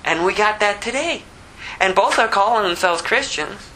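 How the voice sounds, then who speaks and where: Animated bright-voiced male preacher. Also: normal speed, a little hiss or hum, rough recording. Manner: conversational preaching with rhetorical questions; drops into low voices to act out quotes. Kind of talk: expository sermon.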